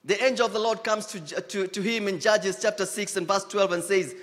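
A man's voice: high voice, steady tone, brisk, hardly any pauses, a bit bright, big-room sound. A man with a Kenyan accent preaching a sermon, emphatic and repetitive, dropping Swahili phrases into his English. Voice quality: emphatic preaching, repeats key lines, switches into Swahili phrases. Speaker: pastor.

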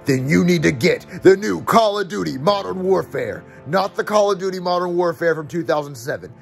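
A pushy, over-the-top commercial announcer, as a man puts him on in a parody ad. His voice runs fairly high with a gravelly edge and faint music underneath. He sounds hyped and salesy and keeps repeating his pitch. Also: animated, fairly quick.

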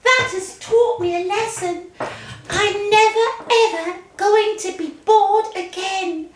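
A woman doing a squeaky little princess. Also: steady tone, slow, reverberant, slight background noise. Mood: cheerful. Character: bored spoiled little princess. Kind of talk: children's puppet show.

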